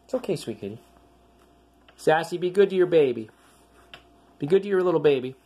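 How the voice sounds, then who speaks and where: A woman's voice: low-pitched, animated, a little fast, warm tone, husky. Woman cooing sing-song to her cats. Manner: coaxing, sing-song, swooping up for calls. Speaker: pet owner filming her cats. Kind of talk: cooing baby talk to pets. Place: house with pets.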